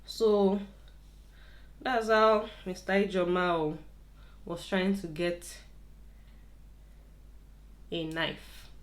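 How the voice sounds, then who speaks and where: A woman's voice: on the low side, steady tone, very slow, pauses often. Chatty woman telling a story. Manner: chatty, repeats words for emphasis, laughs often. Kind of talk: casual storytime while styling hair.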